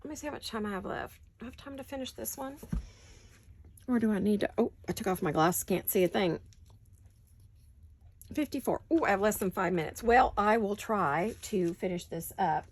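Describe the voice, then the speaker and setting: A woman hosting a casual craft-along, thinking aloud as she works at her desk and often dropping into soft, muttered asides. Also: medium pitch, animated, normal speed, breathy edge. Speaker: crafting channel host.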